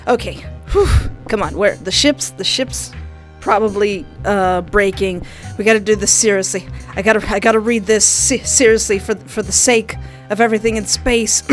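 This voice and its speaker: A woman streamer reading a story game aloud and adding joking, expressive comments between lines. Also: mid-range voice, normal speed, soft background music.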